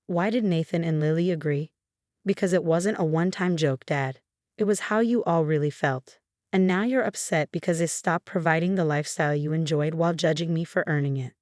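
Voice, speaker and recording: A woman in her thirties reading a first-person family story aloud, voicing every part in the same steady, even way. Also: deep voice, dry recording, studio quality. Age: 30s. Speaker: narrator. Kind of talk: scripted story narration.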